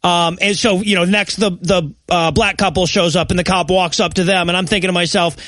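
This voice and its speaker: A man's voice: sits high, fairly even intonation, a little fast, bright, forceful tone, no room sound. A man co-hosting a comedy podcast, recapping a bad movie in a rambling, sarcastic way with frequent laughs. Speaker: podcast co-host.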